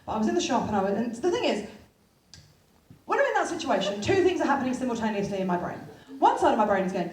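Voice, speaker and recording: A woman's voice: sits high, big pitch swings, very fast, a little mellow, roomy sound, slight background noise. A woman in her thirties from England performing a chatty, self-deprecating stand-up comedy set on a venue stage. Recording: live theatre, far mic, crowd laughter.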